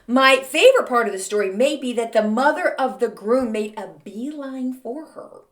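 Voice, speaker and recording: A woman's voice: on the high side, lively intonation, moderate pace. Chatty woman host. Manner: chatty, conversational, many fillers like "um" and "like". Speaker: podcast host. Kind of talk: casual chatty storytelling.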